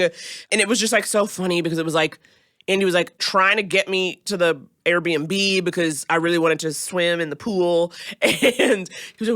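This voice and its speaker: Animated, bright-voiced woman telling a story. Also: fairly low pitch, moderate pace, no echo, studio quality. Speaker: podcast guest. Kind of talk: casual comedic storytelling.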